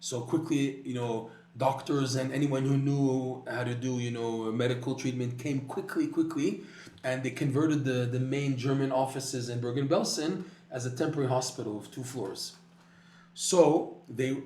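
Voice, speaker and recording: A man's voice: medium pitch, darkish tone, echoey room. A man teaching a Torah class, telling a story animatedly with frequent restarts and repeated words.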